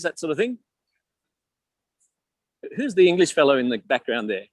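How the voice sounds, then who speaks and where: A man's voice: medium pitch, big pitch swings, normal speed, no echo. Chatty Australian man, dry close sound. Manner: chatty, jokey, asks the audience questions. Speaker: virtual tour guide. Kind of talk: live virtual tour talk.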